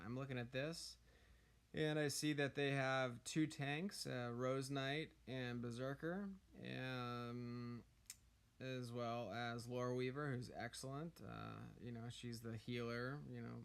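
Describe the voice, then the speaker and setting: Hoarse male gaming YouTuber, unhurried halting delivery, clean smooth tone; casual strategy tips. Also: mid-range voice. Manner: hesitant, many ums and uhs. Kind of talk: casual game tips commentary.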